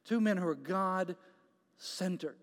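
Preacher, male, high-pitched, emphatic and repetitive, long hall reverb. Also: slow. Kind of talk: sermon.

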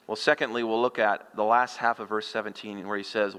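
A man's voice: fairly low pitch, level tone, fairly quick, a bit bright, clean tone. A middle-aged male pastor preaching an expository sermon in a conversational style, with rhetorical questions and folksy humor. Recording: long hall reverb.

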